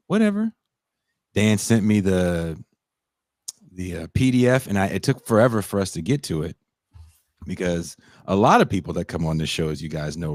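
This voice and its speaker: A man's voice: deep voice, a little mellow, no echo, studio quality. A man co-hosting a podcast, talking in a loose, slangy, rambling way. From Bay Area, US. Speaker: podcast co-host. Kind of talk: casual podcast chat.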